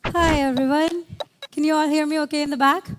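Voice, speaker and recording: High-pitched hoarse woman presenting at a tech conference, brisk and direct. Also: steady tone, a little hiss or hum. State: hoarse, lost her voice. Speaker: conference speaker.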